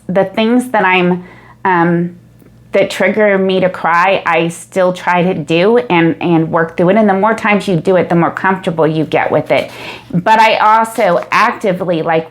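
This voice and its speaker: Candid woman talking to camera. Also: on the low side. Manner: candid and reflective, with frequent ums. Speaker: YouTuber. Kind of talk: casual talk to camera. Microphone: camera mic.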